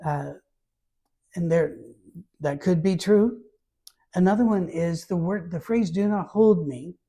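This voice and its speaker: Taking it slowly, a pastor with a high, warm voice and vocal fry reads scripture in a Bible study. He breaks off to comment casually, adding asides and light humor in a conversational teaching style.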